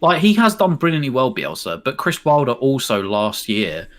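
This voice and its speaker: Bloke, mid-pitched, co-host of a football stream, argumentative, mocking, animated rants. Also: male voice, normal speed. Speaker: co-host of a football watch-along. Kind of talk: casual live stream chat.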